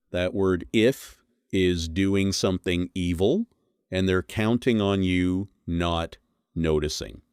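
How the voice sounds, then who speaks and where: A man's voice: sits low, slow pace, darkish tone, smooth, no room sound, studio quality. A man delivering a scripted commentary monologue, blunt and scornful, leaning hard on single words. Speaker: commentary host.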